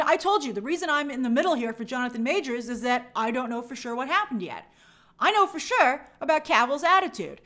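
A woman with a somewhat high voice hosts a live stream. She talks emphatically and with animation, reading out viewer comments and answering them in a casual commentary style. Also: fairly bright tone.

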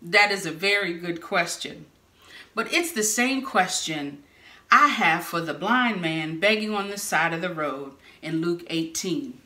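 A woman delivers a sermon at an unhurried pace, telling stories with lively bursts of shouting. Her voice is bright and forceful, and it rings in an echoey room. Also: lowish voice. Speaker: preacher. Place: church sanctuary or hall.

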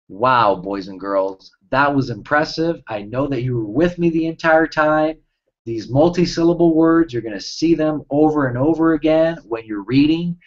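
A man teaching a children's reading lesson as a reading tutor, cheerful and enunciating each word slowly for young kids. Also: fairly high pitch. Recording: dull lo-fi recording.

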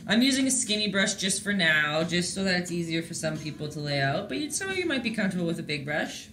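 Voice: mid-range voice, big pitch swings, fast, sharp tone, echoey room. A host teaching a live-streamed painting lesson in a chatty, encouraging way, talking to viewers in the chat.

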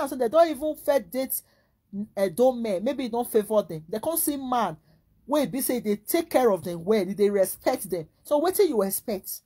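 A woman with a Nigerian Pidgin English accent, talking in a rambling, animated casual monologue full of rhetorical questions. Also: a little high, breathy edge.

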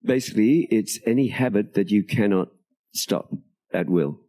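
Older man, dark mellow tone, slightly husky, storytelling interview guest, recorded outdoors. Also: lowish voice, normal speed. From Australia. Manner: animated storyteller, acts out quoted dialogue, laughs often. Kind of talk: storytelling in conversation. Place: outdoors at a tropical home near a beach.

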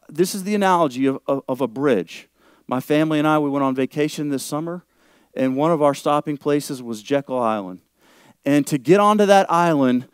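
A male pastor preaching a sermon, often checking in with the congregation and growing louder and higher as he presses a point. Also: clean tone, dry recording, clean studio sound. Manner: preaching, rising loud and high when stressing a point; asks the congregation for agreement often.

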